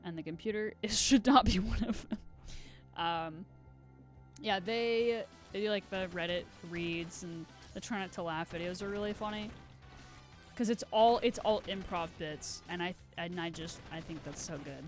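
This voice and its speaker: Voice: mid-range voice, moderate pace, faint music behind. A live streamer in casual gaming stream chat, rambling and self-deprecating with giggly asides.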